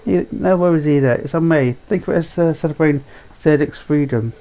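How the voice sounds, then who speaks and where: A man's voice: fairly high pitch, a little fast, mellow, close to an everyday voice. A man voicing a jovial middle-aged market trader and father, friendly and hearty. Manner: hearty and friendly, calls people lad.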